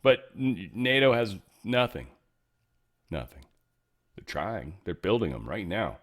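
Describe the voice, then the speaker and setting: A middle-aged man hosts a casual news commentary, his fairly low voice swooping up and down with animated emphasis. He rambles sarcastically and swears freely as he reacts. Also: measured pace. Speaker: host.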